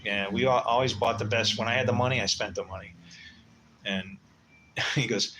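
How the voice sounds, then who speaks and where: A man's voice: fairly low pitch, fairly even intonation, normal speed, pauses often, bright, forceful tone, slight background noise, low-quality recording. A man in his sixties hosting a casual livestream, telling long rambling stories in a blunt, swearing way and muttering asides. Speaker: livestream host.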